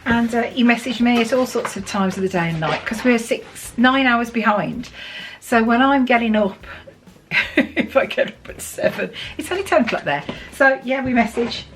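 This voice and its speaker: A middle-aged English woman from the UK, chatting warmly and emotionally as she opens a parcel for her vlog. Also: fairly high pitch, normal speed, slight background noise. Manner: chatty, gushing, emotional, laughs often. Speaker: vlogger. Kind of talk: casual chat while opening a parcel.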